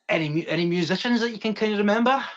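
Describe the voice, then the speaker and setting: A man's voice: high-pitched, brisk, a bit bright. A young man co-hosting a casual podcast, easygoing and steering the chat to new topics. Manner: easygoing, prompts the other host with topics. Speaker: podcast co-host. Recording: dull lo-fi sound.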